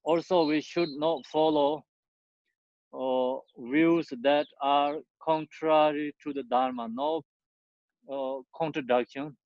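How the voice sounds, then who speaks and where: A man giving a Buddhist teaching in halting, non-native English, full of fillers and restarts. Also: a little high, fairly even intonation, darkish tone, dry recording. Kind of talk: dharma teaching. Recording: muffled dry lo-fi recording.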